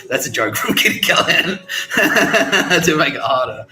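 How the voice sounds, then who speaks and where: A man's voice: a little high, big pitch swings, a little slow, bright, forceful tone. A man telling a rambling comic story as a podcast host, swearing freely and breaking into laughter. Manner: profane, laughing, rambling delivery. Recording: echoey room with music playing.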